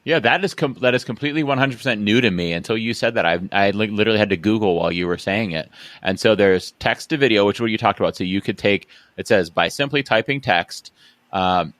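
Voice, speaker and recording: Man, podcast host, deep voice, relaxed, casual, dry recording. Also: fast, dry recording. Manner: relaxed, reads website text aloud.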